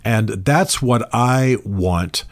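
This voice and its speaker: A man speaking in an earnest, measured monologue from his office, repeating key phrases for emphasis. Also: medium pitch. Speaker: author and commentator. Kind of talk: reflective spoken monologue.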